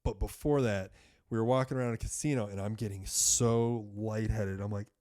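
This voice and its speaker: A man's voice: on the low side, moderate pace. A man in his thirties telling a story in casual podcast chat, swearing and acting out the people he quotes. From United States. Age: 30s. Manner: animated, swearing, acts out doctors in quoted voices. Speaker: podcast guest.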